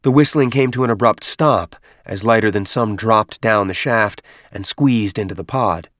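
A man reading a science fiction novel aloud in steady, measured audiobook narration. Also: on the low side, no room sound, studio quality. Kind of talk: scripted narration.

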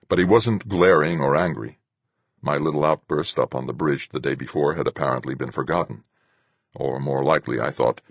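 A man with an extremely deep, husky voice narrates a first-person story. His delivery is measured and even. The recording is close and dry, with no room sound. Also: no echo. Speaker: audiobook narrator.

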